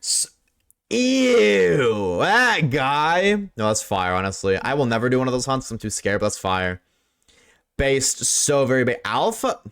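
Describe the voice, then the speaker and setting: Lively young man streamer chatting. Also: medium pitch, measured pace, creaky, clear, resonant tone. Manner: slangy, excitable, swears freely. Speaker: streamer reading chat. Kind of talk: casual live-stream chat.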